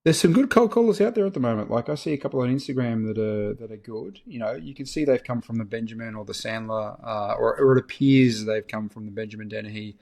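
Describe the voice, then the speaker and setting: A man's voice: medium pitch, fast, creaky, few pauses, a little mellow. A man co-hosting a podcast, asking probing questions with hesitant fillers. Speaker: podcast co-host. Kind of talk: casual podcast discussion.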